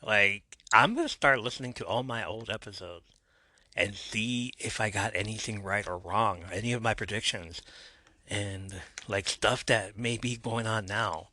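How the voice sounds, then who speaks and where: A man's voice: on the low side, measured pace, sharp tone. A man hosting his own wrestling podcast, rambling casually with lots of fillers and restarts. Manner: rambling, filler-heavy, self-mocking. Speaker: podcast host. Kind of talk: casual solo podcast talk.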